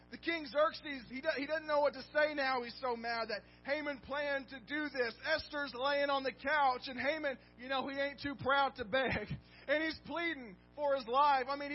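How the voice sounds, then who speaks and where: A man pastor preaching a sermon, emphatic and storytelling, calling out to his congregation. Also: very high-pitched. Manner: emphatic, storytelling with call-and-response. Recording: dull lo-fi recording with faint music.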